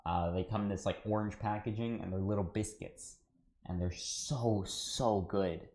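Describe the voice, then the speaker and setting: Low-voiced man chatting while he cooks. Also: steady tone, unhurried, darkish tone. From United States. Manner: rambling, chatty, says "dude" often; talks to chat while cooking. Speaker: cooking livestreamer. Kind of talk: casual livestream chat.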